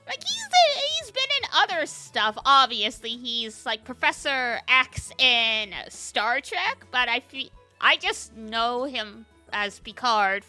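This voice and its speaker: A woman's voice: fairly high pitch, sing-song, slow pace, few pauses, pushed and bright, faint music behind. A woman game streamer in casual chat, talking to her viewers, laughing often and answering chat as she plays.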